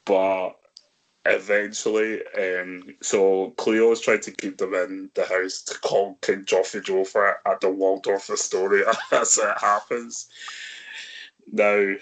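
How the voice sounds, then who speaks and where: Slow, low-voiced male podcast host. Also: level tone. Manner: leads the talk, recapping scenes and asking the others. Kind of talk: casual film discussion.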